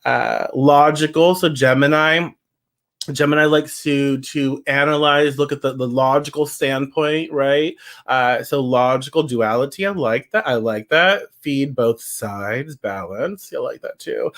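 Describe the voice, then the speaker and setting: A man's voice: mid-range voice, measured pace, a bit bright. A man giving a casual livestream tarot reading, chatty and emphatic, reacting to viewer comments as he goes. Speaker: tarot reader.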